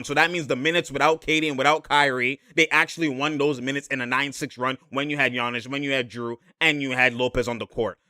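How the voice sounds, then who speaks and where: A man giving a slangy, excited breakdown of basketball game film, laughing often and repeating himself. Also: a little high, no room sound, studio quality.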